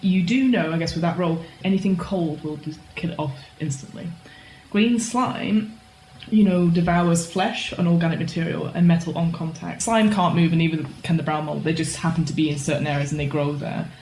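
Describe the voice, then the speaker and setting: A woman's voice: on the low side, moderate pace, darkish tone, roomy sound, slight background noise, poor audio. A woman narrating a tabletop game as game master, easygoing and laughing often.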